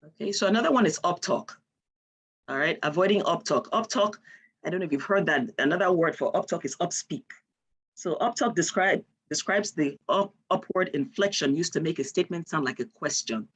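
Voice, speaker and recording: A woman's voice: lowish voice, lively intonation, fairly quick, breathy edge. A woman from Nigeria, giving an online lecture and explaining with example sentences.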